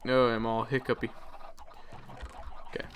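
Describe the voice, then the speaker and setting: A man's voice: medium pitch, monotone, unhurried, a little hiss or hum. A man hosting a let's play, chatting casually over his gameplay and rambling with many ums and uhs.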